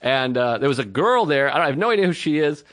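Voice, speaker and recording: A man's voice: mid-range voice, lively intonation, fast, no room sound, clean studio sound. A man in his thirties co-hosting a podcast, telling rambling self-deprecating stories in casual chat and acting out the quotes. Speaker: podcast co-host.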